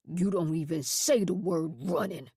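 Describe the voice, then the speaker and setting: A woman voicing a brutal, coarse male reformatory guard who speaks in a low, threatening drawl. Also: measured pace, dark tone, slightly rough, no echo, clean studio sound. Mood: menacing.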